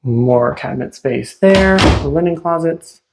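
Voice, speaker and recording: A man's voice: fairly high pitch, measured pace, over loud music. A man working as a realtor, narrating a casual walk-through of a house with chatty, enthusiastic exclamations as he moves from room to room. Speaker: realtor giving a home tour. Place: inside a house, walking room to room.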